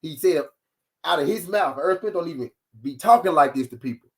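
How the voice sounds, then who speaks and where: A man hosting a live-streamed boxing talk show, ranting in an animated, profane and mocking way. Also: on the high side, brisk. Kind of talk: live-streamed sports commentary rant.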